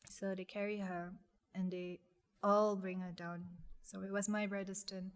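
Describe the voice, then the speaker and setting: A young woman, telling a personal story in an interview, speaking softly and haltingly with many restarts. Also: mid-range voice, little pitch movement, clean tone. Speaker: guest.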